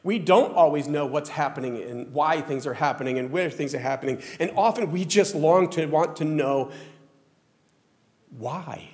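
Speaking at normal speed, a Southern American male pastor with a slightly high, slightly mellow voice delivers a sermon in a church sanctuary. He keeps it conversational and self-deprecating, restarting frequently, while the hall's long reverb trails his words.

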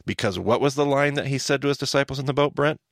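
A man's voice: medium pitch, quick pace, no echo, clean studio sound. A man hosting a podcast, teaching in casual chat and acting out the lines he quotes. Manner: animated storyteller, acts out quoted lines.

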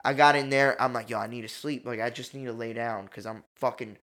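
Bright-voiced man telling a wild story. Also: medium pitch, fairly quick. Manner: animated, profane, slangy storytelling. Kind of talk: casual storytelling chat.

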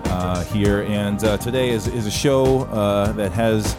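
A man's voice: fairly low pitch, steady tone, measured pace, over music. A man co-hosting a casual podcast, rambling with lots of fillers and restarts, recorded over an internet call. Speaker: podcast co-host. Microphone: remote call over internet.

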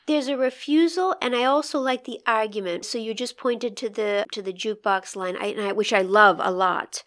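A woman's voice: mid-range voice, moderate pace, few pauses, fairly bright tone. Admiring woman discussing poetry. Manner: enthusiastic, admiring. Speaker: poetry podcast co-host. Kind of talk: close-reading conversation about a poem.

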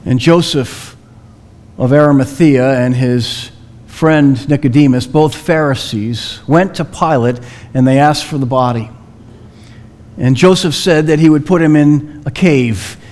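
A man preaching a sermon, telling a story slowly and dramatically with long pauses. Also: medium pitch, darkish tone.

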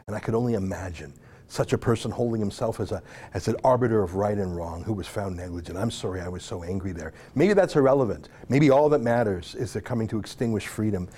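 Brief: male host, dark mellow tone, fervent and pleading, drops to a hush at times. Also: lowish voice, slightly rough. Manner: emotional, pleading, swings from loud to hushed. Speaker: show host. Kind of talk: impassioned commentary.

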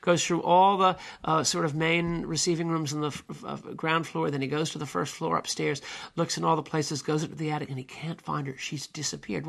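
A man in his seventies with a gravelly, husky voice hosts a solo podcast. He retells an old television episode earnestly, leaning hard on key words and pausing often with small hesitations. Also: on the high side, fairly bright tone. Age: 70s. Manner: earnest, emphatic storytelling with many hesitations. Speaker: podcast host.

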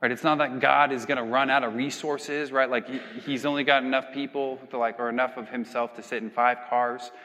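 A young male pastor talking through a sermon in a loose, chatty way, with a bright, forceful voice. He keeps checking in with the listeners and acts out small everyday scenes. The sound rings with the long reverb of a large hall. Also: medium pitch, fairly even intonation, fairly quick, hardly any pauses. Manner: conversational, tag questions, acts out little scenes.

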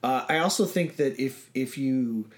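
A man co-hosting a casual chat about running tabletop games, talking in a relaxed, rambling way with many fillers and restarts. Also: medium pitch, measured pace. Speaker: podcast co-host.

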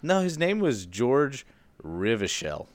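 A man's voice: medium pitch, huge pitch swings, slow pace, no echo. A male podcast co-host chatting casually, teasing his partner playfully. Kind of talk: casual comedic chat.

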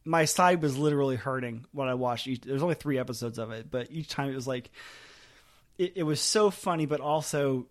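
A man co-hosting a podcast in casual chat, rambling and animated, often laughing and trailing off softly. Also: mid-range voice, fairly quick. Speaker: podcast co-host.

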